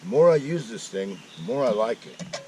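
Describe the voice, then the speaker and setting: A man's voice: mid-range voice, expressive, normal speed, darkish tone, far from the mic, a little hiss or hum, poor audio. A man casually chatting while cooking breakfast at a mountain campsite, folksy with joking asides. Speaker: outdoor vlogger. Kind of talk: casual camp-cooking vlog.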